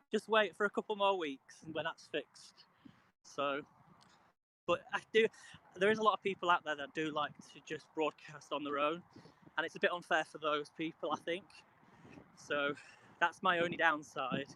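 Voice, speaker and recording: A man's voice: on the high side, bright, forceful tone, slight background noise, low-quality recording. A man with a British accent, chatting casually with live viewers while out walking outdoors, talking into a handheld phone. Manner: rambling, chatty, reads out viewer comments. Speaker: live streamer. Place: outdoors on a cold walk.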